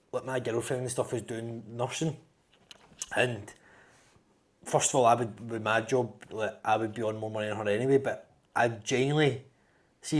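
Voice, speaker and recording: A man's voice: mid-range voice, a bit bright. A Scottish man co-hosting a podcast in casual chat, teasing his co-host and telling jokes. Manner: teasing, jokey banter.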